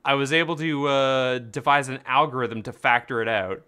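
A man's voice: mid-range voice, moderate pace, sharp tone, clean tone. A man playing a game with friends, reading on-screen text aloud with stumbles, laughter and swearing. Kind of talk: casual let's-play chat.

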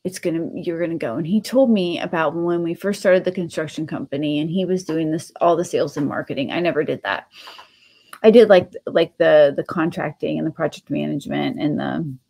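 A woman's voice: deep voice, a little fast, gravelly, a little mellow. A middle-aged woman hosting a craft channel, telling a personal story in a rambling, casual way with many restarts.

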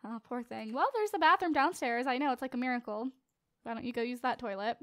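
A late-teen girl chats and jokes with viewers while giving casual, playful commentary on a life-simulation game she's playing. She talks fast in a fairly high voice, with clean studio sound and no room noise.

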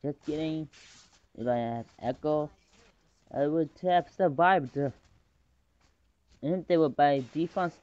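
A man talks through his own game match in a fairly high voice, rambling between plays and getting excitable when fights break out. He speaks at an unhurried, slow pace. The recording is dull and lo-fi. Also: no room sound. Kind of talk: casual gameplay commentary.

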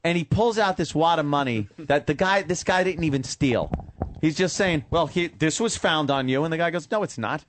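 A man's voice: on the high side, normal speed, a little hiss or hum. A man hosting a radio talk show, swearing as he rants with irritation. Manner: profane, irritated ranting. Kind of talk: casual radio banter.

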